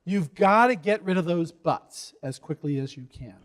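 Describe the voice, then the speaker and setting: A middle-aged man, an investor, giving pitch advice in a lively workshop talk, quizzing his audience and acting out quotes. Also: moderate pace.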